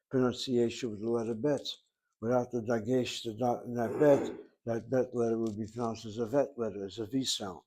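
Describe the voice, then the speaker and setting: A male teacher, taking his time through a grammar lecture and repeating each point so it sticks. His voice sits at an ordinary middle pitch, calm and steady. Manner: slow, deliberate explanation with repetition. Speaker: Hebrew teacher.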